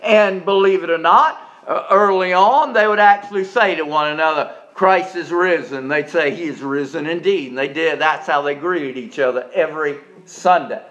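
A man preaching a sermon. His voice sits high and sounds bright and forceful. He swings from booming emphasis to soft, folksy asides, often repeating a word as he gets going. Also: moderate pace, few pauses, muffled recording. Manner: emphatic preaching with sudden loud rises and quiet asides; folksy, repeats words when starting sentences.

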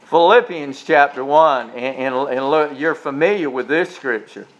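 A man preaching a sermon in a folksy way, stumbling over and repeating words, then swelling into loud, lifted preaching. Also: medium pitch, measured pace. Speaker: pastor.

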